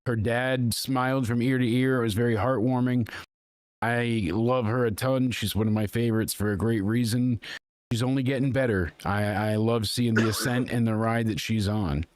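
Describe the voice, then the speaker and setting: A man's voice: mid-range voice, fairly even intonation, normal speed, darkish tone, no echo. A man hosting a casual wrestling recap podcast, talking in a rambling, conversational way with plenty of fillers. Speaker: podcast host.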